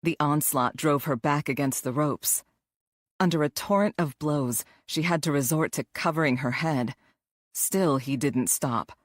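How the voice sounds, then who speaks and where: A woman reads a thriller audiobook in a measured, even way. Her voice is low. The recording is dry and close. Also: no echo. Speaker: audiobook narrator. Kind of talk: calm audiobook narration.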